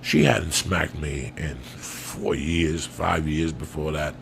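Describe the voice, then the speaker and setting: A man's voice: extremely low pitch, slow pace, gravelly, a bit bright, slight background noise. A man, a comedian and podcast host, telling a long profane story in a rambling, loose way.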